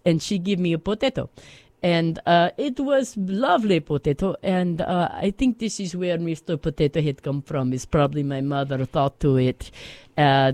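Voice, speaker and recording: A radio host voicing a poor old immigrant storyteller who speaks halting, broken English. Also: mid-range voice, no echo, pitched below the performer's own voice, natural voice. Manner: halting, wistful, broken grammar. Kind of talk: comic character monologue.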